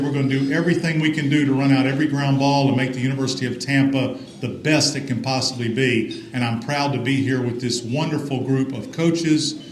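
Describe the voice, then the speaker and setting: A man's voice: medium pitch, a little hiss or hum. A middle-aged man from Alabama, giving a folksy, upbeat ceremony speech as athletics director. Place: large reverberant banquet hall. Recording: roomy hall with faint ambience.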